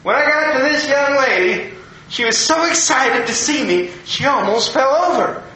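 Older pastor telling a story in an echoey room. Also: male voice, very high voice, moderate pace, soft background music. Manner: folksy, animated storyteller, acting out quoted people. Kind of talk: personal story told to an audience. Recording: very echoey room, faint ambience.

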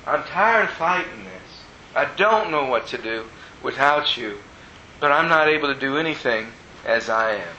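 A man preaching a sermon as a personal testimony, telling the story earnestly and moving between hushed and excited tones. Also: mid-range voice, normal speed, dull audio, a little hiss or hum. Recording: roomy echo.

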